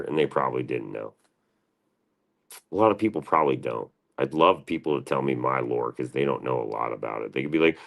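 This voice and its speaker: A man's voice: extremely low pitch, lively intonation, fairly quick, vocal fry. A man hosting a livestream, answering his chat in a profane, combative and defensive rant. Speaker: livestream host.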